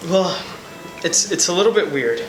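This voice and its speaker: A woman's voice: fairly low pitch, lively intonation, normal speed, music in the background, natural voice. A young woman playing an awkward group member named after a plant, rambling through self-pitying complaints in a student sketch comedy. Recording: echoey room.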